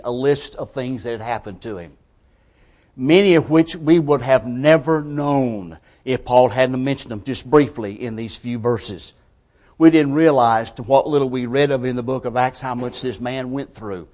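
A male preacher in the middle of a sermon, speaking in a mid-range voice. He leans on rhetorical questions and moves between soft, measured lines and forceful, emphatic pushes. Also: medium pitch.

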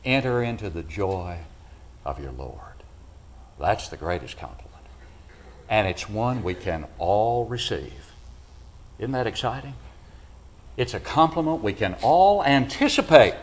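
A man preaching a sermon to a congregation in a church, asking them rhetorical questions and swinging between loud, emphatic peaks and quiet, low drops. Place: church building.

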